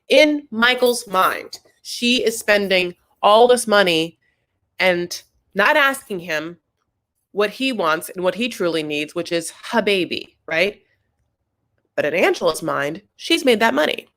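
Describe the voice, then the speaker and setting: Gossipy, chatty recap host. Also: female voice, medium pitch. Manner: gossipy and animated, addressing viewers as "honey".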